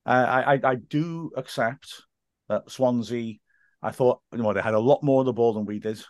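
A man's voice: mid-range voice, normal speed, a little mellow, no echo, clean studio sound. A man as a podcast guest, a stadium announcer and teacher, chatting casually and telling stories with frequent laughs and quoted voices.

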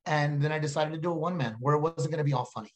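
A man with a Texan accent, a comedian chatting casually and telling animated stories as a podcast guest. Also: a little high, rapid-fire. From Texas. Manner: animated storyteller, slips into silly voices.

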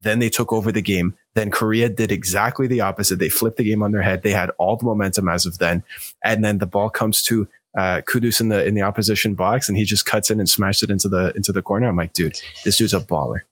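A young man co-hosting a football podcast, joking and animated in casual chat. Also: on the low side, dry recording. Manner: fast-talking, animated, joking. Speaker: podcast co-host.

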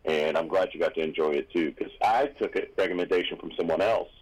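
Deep-voiced man telling rambling radio stories. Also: fast talker, darkish tone, a little hiss or hum, rough recording. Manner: rambling anecdotes with many restarts. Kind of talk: casual radio chat.

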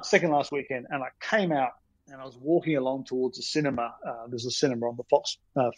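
A man's voice: mid-range voice, no echo, rough recording. A man, a guest on a podcast, telling a long rambling anecdote in a self-deprecating way. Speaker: podcast guest, storyboard artist.

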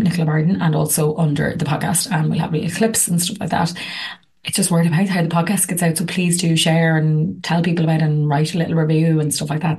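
Low-pitched Irish woman, chatty podcast host who rambles through her sign-off. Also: a little mellow. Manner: chatty, rambling with many fillers. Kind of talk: casual chat.

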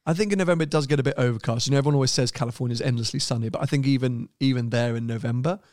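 A man's voice: medium pitch, rapid-fire, a little mellow, slight background noise. A man co-hosting a podcast, chatting casually and laughing often as he rambles through asides. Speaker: podcast co-host. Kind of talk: casual chat.

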